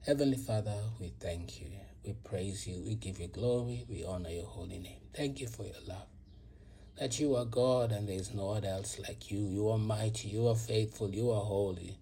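A man's voice: on the low side, normal speed, dark tone, slight background noise. A man giving an earnest devotional reflection and then leading a repetitive prayer, sometimes dropping to a whisper. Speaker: prayer leader.

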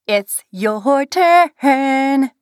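A woman voicing a playful, mischievous young man who works in a diner, speaking in a slow, drawn-out sing-song. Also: a little high, sing-song, no room sound, clean studio sound.

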